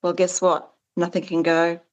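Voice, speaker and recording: On a lo-fi recording, a woman with a fairly low, monotone voice and moderate pace answers questions in a conversational interview about the farming support business she started. She comes across as earnest and animated, and her voice rises sharply when she acts out quoted exchanges.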